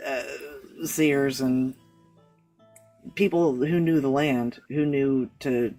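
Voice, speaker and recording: A man with a warm, medium-pitched voice, a guest on a live talk show, earnestly rambles about his spiritual beliefs in casual discussion, restarting and correcting himself many times. The recording quality is low.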